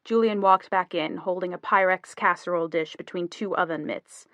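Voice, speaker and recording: A woman narrating a novel as an audiobook, in measured scripted storytelling. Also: on the low side, a bit bright, no room sound.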